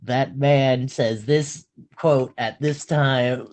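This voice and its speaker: Speaking extremely slowly in a mid-range voice, a man co-hosting a casual podcast recaps a film scene by scene. He tells it in an animated way, swearing and bursting into acted-out lines.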